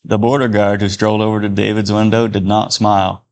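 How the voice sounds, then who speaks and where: A man reading a Christian story aloud in a steady, unhurried way. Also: on the low side.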